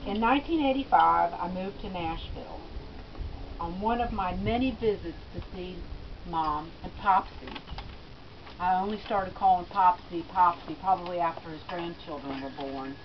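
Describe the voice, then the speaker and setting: A middle-aged woman giving a eulogy, telling family stories with gentle laughs. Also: fairly low pitch, moderate pace, slight background noise. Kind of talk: personal eulogy speech. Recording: dull lo-fi recording.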